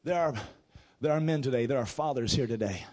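A middle-aged male pastor preaching a sermon, building to drawn-out shouted emphasis. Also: medium pitch.

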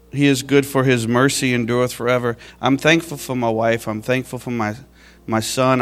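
A man's voice: mid-range voice, a bit bright. A man giving an emotional church testimony, heartfelt and at times tearful, laughing at his own past.

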